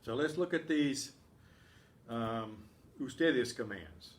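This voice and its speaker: A man teaching a Spanish grammar lesson, explaining step by step and clearing his throat often. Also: mid-range voice, lively intonation, takes it slowly, distant mic. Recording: echoey room with faint background hum.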